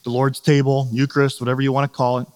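A man's voice: medium pitch, fast. Earnest male pastor preaching in a hall. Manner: earnest, animated, acts out quoted voices. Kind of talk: sermon.

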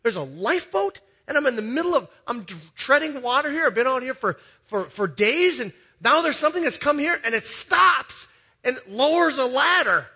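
A man's voice: extremely high pitch, big pitch swings, normal speed, pushed and bright, breathy edge, pitched above the performer's own voice, full character voice. A preacher acting out a frantic drowning man. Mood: astonished. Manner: breathless, disbelieving exclamations. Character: frantic man drowning in a flood, stunned at rescue.

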